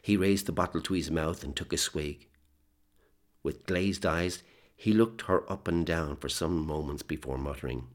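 Very deep, gravelly male narrator. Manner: measured, steady storytelling. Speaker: audiobook narrator. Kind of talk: scripted narration.

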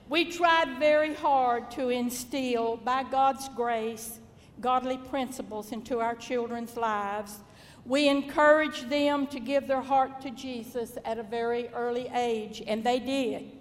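A woman's voice: sits high, steady tone, slow, big-room sound, slight background noise. An older woman with a Southern US accent, a mother reminiscing in a folksy, devout testimony. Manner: folksy, devout, gently chuckling.

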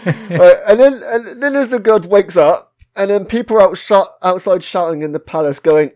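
A man's voice: high-pitched, normal speed, a little mellow. A man with a British accent hosting a casual podcast, chatting about a retro game, swearing freely and laughing at himself. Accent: British English. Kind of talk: casual chat.

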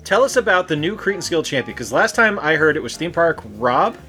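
A man's voice: fairly high pitch, sing-song, brisk, pushed and bright, soft background music. A man co-hosting a comedy podcast, running the rundown with mock-boastful wisecracks. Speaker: podcast co-host. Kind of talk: casual comedy banter.

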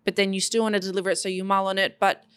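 A woman co-hosts a casual podcast, steadily affirming her partner and restating points in her own words. Her mid-pitched voice is recorded close and dry. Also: little pitch movement, rapid-fire, fairly bright tone, no room sound. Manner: affirming, summarizes and asks questions. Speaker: podcast co-host. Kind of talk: casual conversational chat.

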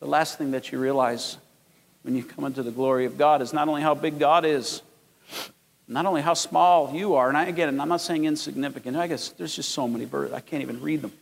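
A man in his fifties preaching a sermon as pastor, telling stories and rising to loud, emphatic peaks. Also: on the high side, steady tone, fairly quick, vocal fry. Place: large church sanctuary. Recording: long hall reverb.

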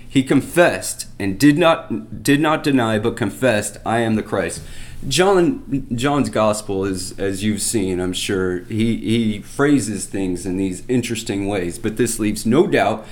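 Man teaching through a Bible passage. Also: lowish voice. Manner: reads scripture aloud and then explains it, with frequent restarts. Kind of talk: sermon.

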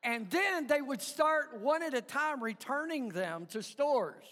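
Brief: male pastor, unhurried storytelling sermon, long hall reverb. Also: extremely high pitch, expressive, sharp tone. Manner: storytelling, chuckling, halting restarts.

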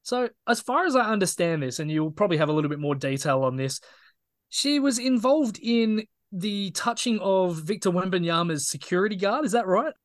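A man's voice: high voice, expressive, normal speed, dry recording. A man co-hosting a sports podcast, making dry jokes in casual chat. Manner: dry, joking. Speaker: podcast co-host.

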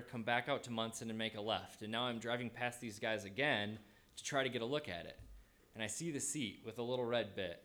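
A man telling a personal story in a casual, animated way, acting out his own thoughts as he goes. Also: mid-range voice.

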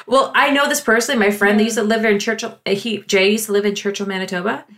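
A woman co-hosting a podcast in casual chat, chatty and quick to giggle. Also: medium pitch, steady tone, a bit bright. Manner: giggly and chatty, breaks into laughter. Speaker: podcast co-host.

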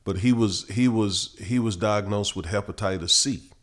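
A middle-aged man, a pastor teaching Bible verses on a podcast, who gets louder and higher when he reads scripture. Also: moderate pace. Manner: preachy, rises in pitch and force reading scripture.

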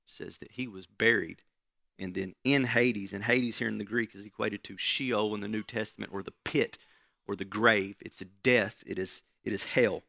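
A man preaching a sermon in a gravelly, bright voice. He teaches in a conversational way and keeps checking in with his listeners. The sound is dry and close. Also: on the low side, fairly even intonation, moderate pace, no echo. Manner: conversational teaching, frequent "right?" asides.

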